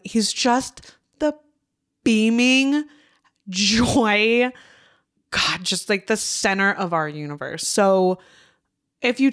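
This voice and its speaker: A woman's voice: mid-range voice, clean tone. A woman co-hosting a casual podcast, earnest and heartfelt, swearing freely. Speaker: podcast co-host.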